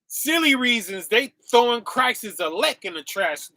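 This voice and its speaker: A casual livestream features a slow-preaching man whose voice is bright and high-pitched. Animated and quick to laugh, he calls out to those watching. The audio is close and dry, without any room sound.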